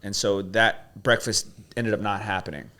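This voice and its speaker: A man's voice: fairly low pitch, fairly even intonation, moderate pace, pushed and bright. A man coaching his host through questions, then telling a personal story with emotion. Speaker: guest coach.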